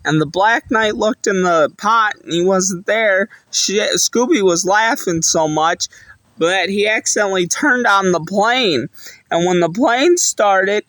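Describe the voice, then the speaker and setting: High-voiced man, slow rambling retelling. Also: a bit bright, dry recording, rough recording. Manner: rambling, plain storytelling with many "and" links. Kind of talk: casual retelling of a cartoon episode.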